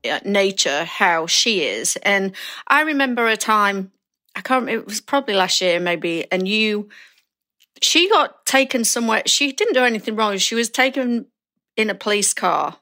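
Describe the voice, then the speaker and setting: A woman co-hosting a podcast, an ex-police officer, asking probing and teasing questions in a relaxed conversation. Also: medium pitch, normal speed, soft background music. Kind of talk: conversational interview.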